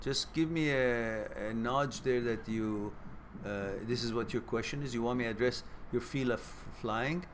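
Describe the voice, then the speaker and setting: A man's voice: medium pitch, normal speed, a little hiss or hum. A man hosting a casual live-stream Q&A. He laughs often, teases his viewers and thinks aloud as he talks. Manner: thinks aloud, with fillers and restarts. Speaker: host answering viewer questions.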